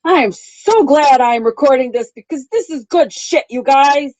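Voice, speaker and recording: A woman's voice: sits high, animated, normal speed, a little mellow, dry recording, poor audio. A woman in her thirties giving an emphatic, freely swearing motivational talk as a spiritual coach, laughing often.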